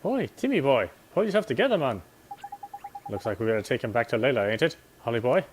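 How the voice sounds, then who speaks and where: A man's voice: medium pitch, big pitch swings, quick pace, slight background noise, close to an everyday voice. An actor playing a cheeky, bossy male sidekick in a video game, talking in brash, slangy scolds. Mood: alarmed.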